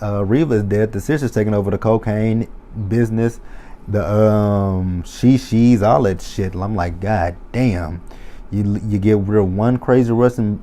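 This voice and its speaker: A young man with a fairly low, mellow voice runs through a TV episode in a loose, profane vlog recap. He swears constantly and keeps breaking into his own reactions, voicing what he thought as he watched. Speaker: TV recap vlogger.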